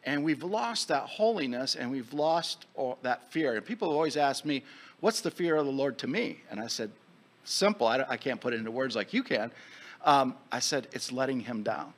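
A man's voice: medium pitch, lively intonation, moderate pace, a bit bright. A man hosting an interview show, talking in an earnest, plainspoken way. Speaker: host. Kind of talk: conversational interview talk.

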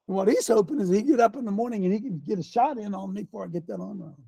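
A man preaching a fiery sermon, folksy and combative, with slang and sudden shouts. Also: sits high, expressive, quick pace, creaky, few pauses, slightly rough, no room sound. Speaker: pastor.

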